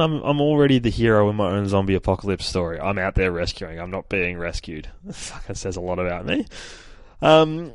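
A low-voiced man hosts a podcast and recaps a comic book with a loose, swearing, self-mocking energy. The recording is dry and close to the mic. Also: fairly quick, dry recording. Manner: animated, profane, laughs at himself. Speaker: podcast host.

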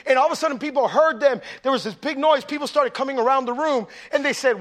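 A man preaching a sermon as pastor, telling stories conversationally with asides to the congregation and building to loud emphasis. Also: extremely high pitch, quick pace, hardly any pauses. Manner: conversational storytelling with audience asides.

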